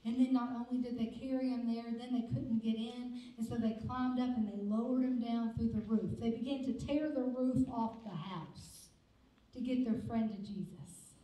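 Woman pastor, middle-aged, high voice, emphatic repetitive sermon delivery, heavy church-hall echo. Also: fairly even intonation, normal speed, warm tone. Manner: emphatic, repetitive preaching cadence with rhetorical questions. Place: church sanctuary. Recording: echoey church hall from a distant mic.

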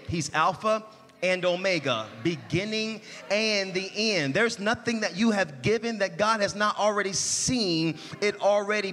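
A man's voice: fairly high pitch, a bit bright. A man preaching a sermon as pastor, calling on the congregation to answer and building in intensity. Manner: preaching with call-and-response and rising intensity. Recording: long church reverb.

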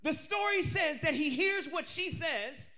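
A male pastor preaching an energetic, humorous storytelling sermon who often bursts into shouting. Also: extremely high pitch, a little slow.

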